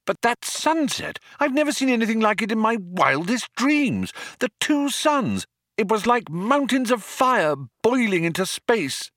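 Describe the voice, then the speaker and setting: A man's voice: high-pitched, very animated, a little slow, fairly bright tone, dry recording, studio quality, voice pushed up, full character voice. A man voicing a homesick, wistful human man in an audiobook, in an earnest, pleading tone.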